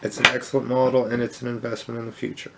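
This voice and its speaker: A man's voice: medium pitch, monotone, fast talker, vocal fry, background noise. Rambling, enthusiastic male crypto vlogger. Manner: rambling, with many restarts and fillers; upbeat and enthusiastic. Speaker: crypto channel host. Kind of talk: casual unscripted commentary.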